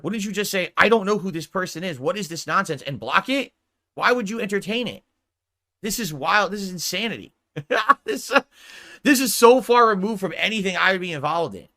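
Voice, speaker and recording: A man's voice: a little high, sharp tone, no echo, studio quality. A man giving reaction commentary on a video, incredulous and exclaiming with rhetorical questions.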